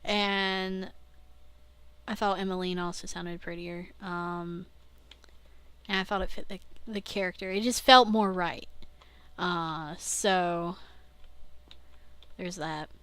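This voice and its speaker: A woman's voice: lowish voice, fairly even intonation, slow pace, long pauses, a bit bright, clean tone, dry recording. A young woman vlogging casually, rambling and interrupting herself, often laughing at her own slips. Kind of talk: casual rambling video diary.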